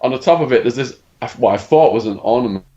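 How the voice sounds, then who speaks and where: With lively storytelling, a middle-aged English podcast guest recounts a dramatic story in an interview, performing others' lines himself. He talks fast at medium pitch over lo-fi sound.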